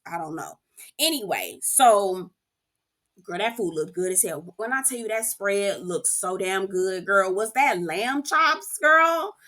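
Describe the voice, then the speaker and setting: A woman giving casual, sassy, profane commentary as she recaps a reality TV episode. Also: mid-range voice. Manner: sassy, profane, animated reactions to the show.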